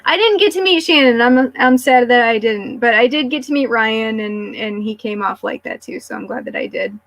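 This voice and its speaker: A woman guest in a casual chat, gushing warmly about people she met and filling her talk with "like". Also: fairly high pitch, animated, moderate pace, no echo. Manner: gushing, filler-heavy with frequent "like".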